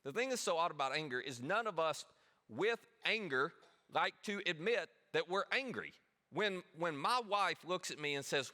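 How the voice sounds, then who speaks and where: A pastor in his middle years gives a relaxed, chatty sermon with a bright, forward tone that sits a little high for a man. He keeps turning questions back to his listeners and jokes about his own faults. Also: normal speed. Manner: conversational and self-deprecating, with rhetorical questions.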